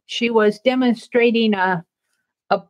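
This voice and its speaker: A middle-aged woman from the American Midwest talks through her art stream in a high voice. She rambles slowly and easily while she works. She laughs often between thoughts. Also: fairly even intonation. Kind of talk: casual crafting livestream chat.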